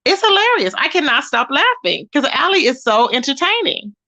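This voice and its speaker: A woman hosts a casual gossip stream. She chats in an animated way and keeps greeting viewers by name. Her voice sits high and comes across bright and sharp. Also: normal speed. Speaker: YouTube commentary host.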